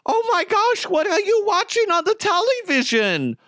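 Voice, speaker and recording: Comic bit: high falsetto as a fussing, gushing mom. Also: male voice, big pitch swings, moderate pace, a bit bright, no room sound, studio quality, exaggerated voice. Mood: gushing, fretful. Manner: shrill, gasping, fretful. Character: fussy high-pitched mom gushing at hockey.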